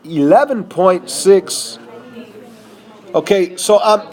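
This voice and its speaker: Male math teacher, high voice, casual and conversational, checks understanding often. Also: slow, darkish tone. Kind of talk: whiteboard math lesson.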